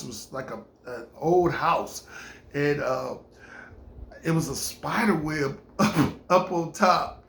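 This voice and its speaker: A man telling a casual comic story, animated and stammering, jumping up in pitch and volume at the big moments. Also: vocal fry. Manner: animated, stammering, rising into shouts. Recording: roomy echo.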